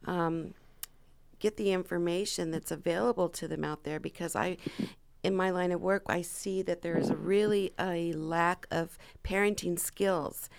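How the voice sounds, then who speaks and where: A woman guest talks in a measured way, pausing often with "um". Her voice sits a little low and has a gravelly edge. Under the grit it stays smooth. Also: fairly even intonation. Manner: measured, hesitant with ums. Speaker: guest panelist. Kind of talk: interview chat.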